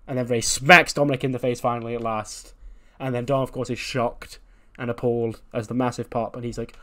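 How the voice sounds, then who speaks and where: Casual male game host, chatty and relaxed, mid-pitched voice. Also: moderate pace, pauses often. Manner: laid-back, chatty, slightly profane. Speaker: game let's-play host. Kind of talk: casual storytelling of a wrestling sim.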